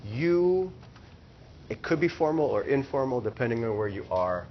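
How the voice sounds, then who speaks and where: A man teaching a Spanish class, explaining slowly and repeating phrases for the students. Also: medium pitch, sing-song, muffled recording, slight background noise. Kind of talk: classroom lesson.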